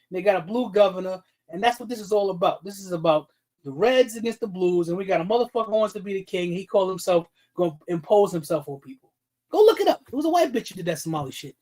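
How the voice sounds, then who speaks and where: A man's voice: high-pitched, low-quality recording. Blunt, profane man ranting on a livestream. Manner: talks to chat viewers by name. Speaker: livestream host. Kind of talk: livestream commentary rant.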